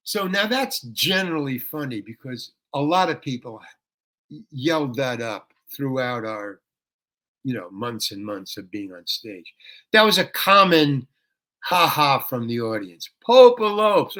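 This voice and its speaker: Older man, rambling and bright-toned. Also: mid-range voice, lively intonation, unhurried. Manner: rambling anecdote with restarts, bursts into ranting. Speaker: guest actor. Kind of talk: interview storytelling.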